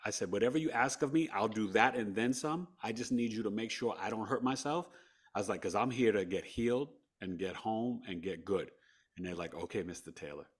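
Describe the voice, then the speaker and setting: A man from New York with a New York accent, a podcast guest telling his story in an animated way, acting out quotes and often laughing. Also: on the low side, a little fast, slightly rough.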